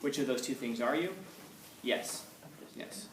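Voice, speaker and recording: A man's voice: medium pitch, a little slow. Man lecturing in an echoey classroom. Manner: conversational, repeats points for emphasis. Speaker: teacher. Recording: echoey room, far from mic, faint noise.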